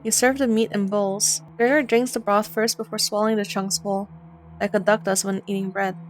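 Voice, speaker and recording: A young woman hosting a gaming video, reading the narration of a horror visual novel aloud and breaking off to swear in quick reactions. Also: medium pitch, fairly even intonation, faint music behind.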